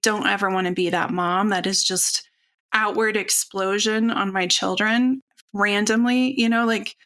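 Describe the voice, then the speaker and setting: A woman in her forties speaking openly and earnestly as a podcast guest, telling a personal story in a relaxed, conversational way. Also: mid-range voice, unhurried. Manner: open, earnest, conversational with fillers. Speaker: podcast guest, functional nutritionist.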